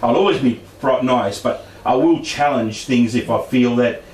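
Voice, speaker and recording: A guest speaker from Brisbane, Australia, addresses a paranormal discussion group, rambling through a personal story with many restarts and asides. His mid-range voice is darkish and at normal speed, caught by a distant mic in a roomy, echoing meeting room over a faint background hum.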